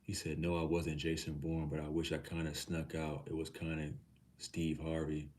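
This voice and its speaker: A man's voice: rumbling low, little pitch movement, moderate pace, a little mellow. A middle-aged man from Texas hosting a livestream, talking casually with his chat, swearing freely and calling viewers nephew. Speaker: livestream host.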